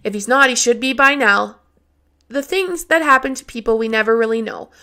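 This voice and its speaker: A frank, sharp-tongued older woman, as a female reader puts her on in an audiobook. She speaks measured and blunt, with a gravelly, bright edge. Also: on the high side.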